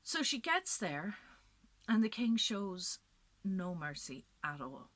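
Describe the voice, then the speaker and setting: A woman's voice: mid-range voice, very animated, slow pace, a bit bright. A woman storyteller narrating a legend expressively, building to dramatic peaks and dropping to whispers.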